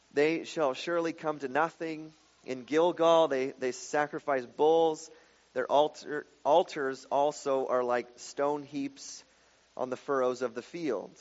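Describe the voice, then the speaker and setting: A man's voice: a little high, big-room sound, highs cut off. A man preaching through a Bible passage verse by verse, explaining it in a casual, conversational way with frequent asides. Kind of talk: bible teaching sermon.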